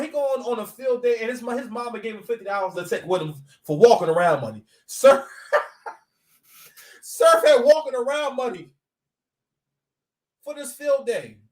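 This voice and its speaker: A man's voice: extremely high pitch, far from the mic. Rambling joking man, echoey room. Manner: rambling, joking, stop-and-start with repeated words. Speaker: battle rap commentator. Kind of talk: casual commentary. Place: at home with his son nearby.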